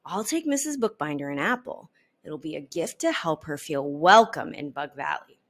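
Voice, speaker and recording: A woman voicing an eager, excitable young boy bug in a storybook. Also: normal speed, heavily acted. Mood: cheerful. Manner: high, eager childlike voice.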